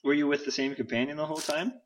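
A man's voice: fairly high pitch, fairly even intonation, rapid-fire. A man interviewing a guest in a casual chat, asking short questions and laughing along.

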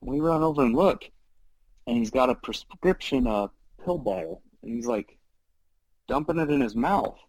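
A man casually telling a story from his mission days, animated, with many fillers and frequent laughs. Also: medium pitch, moderate pace, dry recording, poor audio.

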